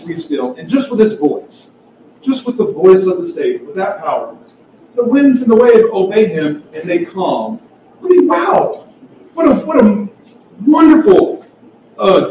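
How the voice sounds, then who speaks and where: A man preaching a sermon with impassioned emphasis that builds toward near-shouts. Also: high voice, slight background noise. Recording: echoey hall, heard from far off.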